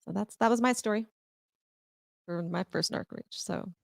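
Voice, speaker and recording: A woman's voice: mid-range voice, normal speed, creaky, no echo. Woman, podcast co-host, rambling storyteller, lots of fillers, dry sound. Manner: rambling, many fillers, laughs as she tells it. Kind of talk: casual storytelling.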